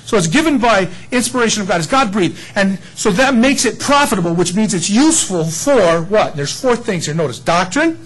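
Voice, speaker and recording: A middle-aged man preaching a sermon, teaching a Bible verse in an animated way and joking about his own stories. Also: sits high, normal speed, hardly any pauses, slightly rough, rough recording. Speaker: pastor.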